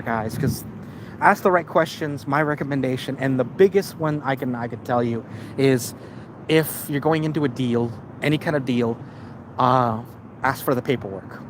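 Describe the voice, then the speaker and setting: Rambling man over street noise. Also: medium pitch. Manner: rambling, stumbling restarts and repeats. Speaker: live streamer. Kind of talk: casual storytelling to a live chat.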